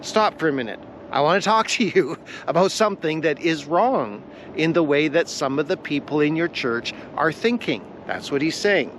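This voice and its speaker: A man teaching a devotional lesson on a vlog, earnest and deliberate, repeating his key phrases for weight. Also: on the high side, expressive, a bit bright, slight background noise. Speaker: Bible teacher.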